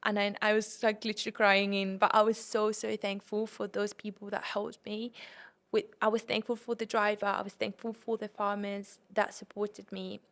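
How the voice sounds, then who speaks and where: A young woman hosting a podcast, telling a travel story in an animated way and acting out her own panicked lines. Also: medium pitch, moderate pace. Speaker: podcast host.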